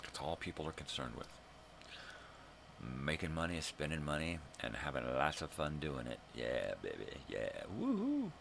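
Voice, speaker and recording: A man's voice: rumbling low, normal speed, background noise. An older man ranting casually and profanely to camera, exasperated and blunt. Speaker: vlogger.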